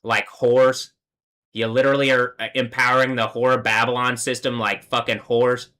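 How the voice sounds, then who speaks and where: A man's voice: medium pitch, level tone, moderate pace, pushed and bright. A man hosting a livestream, delivering a heated, profane, repetitive tirade. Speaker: livestream host. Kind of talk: angry livestream rant.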